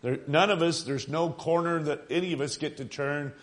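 A man preaching a sermon, earnest and emphatic, stretching key phrases and pausing with fillers between thoughts. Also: on the high side.

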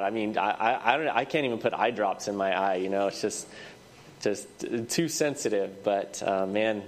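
A male preacher with a congested, stuffy head, preaching a sermon into a microphone in church, saying amen after nearly every phrase and restarting his sentences. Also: fairly low pitch. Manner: repeats amen often, halting restarts. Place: church sanctuary.

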